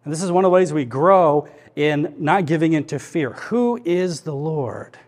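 A man with a fairly high voice preaches as pastor to his church at a normal speed. His sermon is earnest and conversational, full of questions aimed at the listeners.

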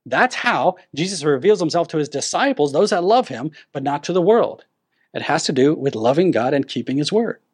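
A man's voice: on the high side, lively intonation, moderate pace, breathy edge. A man preaching a sermon, teaching verse by verse with emphatic stresses and frequent restarts. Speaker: pastor.

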